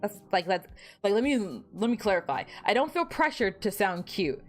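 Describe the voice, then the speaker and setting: A young woman streamer chatting casually and rambling, her voice a bit hoarse, with lots of restarts and self-deprecating asides. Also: mid-range voice, big pitch swings, normal speed, soft background music. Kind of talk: casual livestream chat.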